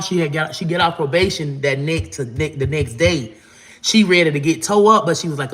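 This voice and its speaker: A man's voice: fairly high pitch, normal speed, fairly bright tone. A man, casually telling a long, profane story. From Florida. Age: 40s. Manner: profane, rambling, acts out quotes in a raised voice. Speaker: vlogger.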